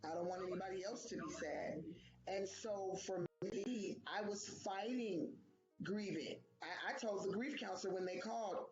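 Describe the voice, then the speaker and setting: A woman's voice: medium pitch, moderate pace. A woman co-hosting a casual talk about grief, acting out quoted voices as she speaks. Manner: animated, acts out quotes. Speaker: co-host. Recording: echoey room, dull sound, faint music.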